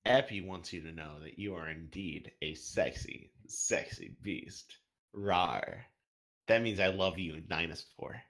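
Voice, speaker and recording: A man hosting a casual podcast, reading listener questions aloud in a lively, animated way. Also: deep voice, normal speed, hardly any pauses.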